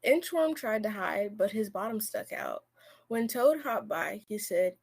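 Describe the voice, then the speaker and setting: A woman's voice: mid-range voice, lively intonation, a little slow, creaky, slightly rough. Teen girl reading a picture book aloud. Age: teens. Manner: reads steadily, correcting slips as she goes. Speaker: student volunteer reader. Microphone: video call.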